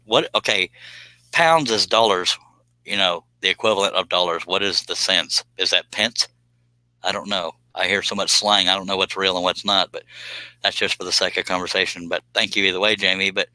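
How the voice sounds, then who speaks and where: A man's voice: deep voice, bright, forceful tone, no room sound, rough recording. A man chatting casually on a live stream, reading viewer comments and joking around with a rambling, laugh-prone manner. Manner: joking, rambling, laughs at his own jokes.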